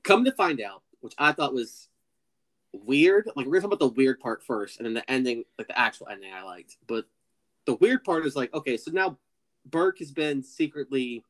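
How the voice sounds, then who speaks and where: A man with an ordinary mid-range voice chats about a movie on a podcast. He gives his opinions freely and drops in quick quoted lines from the characters. His delivery is loose and conversational. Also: mid-range voice, big pitch swings, fairly bright tone. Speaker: podcast co-host. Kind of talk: casual film discussion.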